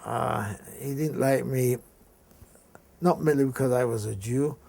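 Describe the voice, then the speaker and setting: An older man from England recounting a school memory in an interview, telling it haltingly with frequent restarts. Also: mid-range voice, creaky, a little mellow, breathy edge. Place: indoor room.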